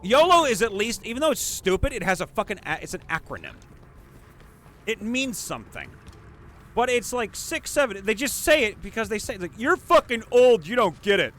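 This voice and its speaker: A man's voice: high voice, sing-song, moderate pace, a bit bright, slight background noise. A man streaming a game live, chatting casually and ranting with crude, profane jokes over game music. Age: adult, not young. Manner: crude, profane, joking rants. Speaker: streamer and voice actor playing a game.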